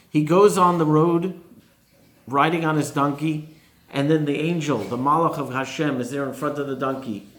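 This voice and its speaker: A man, a rabbi, giving a sermon and posing rhetorical questions to his listeners. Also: mid-range voice. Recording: roomy echo.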